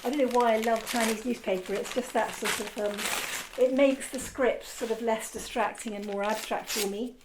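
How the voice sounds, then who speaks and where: A woman's voice: fairly high pitch, steady tone, normal speed, few pauses, noisy background. A woman art teacher giving a casual, rambling demonstration lesson, encouraging and often correcting herself.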